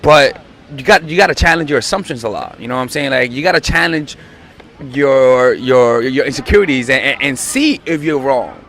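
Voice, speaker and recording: A man's voice: medium pitch, animated, moderate pace, fairly bright tone, slight background noise. A young man coaching on dating, blunt and profane, acting out quoted lines. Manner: profane, emphatic, acts out quotes. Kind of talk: blunt dating advice monologue.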